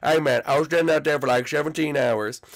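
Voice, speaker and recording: A man's voice: a little high, fast talker, lightly acted. A man voicing an impatient young male ghost who complains in whiny surfer-dude talk. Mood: annoyed.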